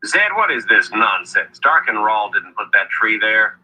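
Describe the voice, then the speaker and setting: A man's voice: lowish voice, very animated, a little slow, sharp tone, exaggerated voice, rough recording. A man reading a blunt young hero.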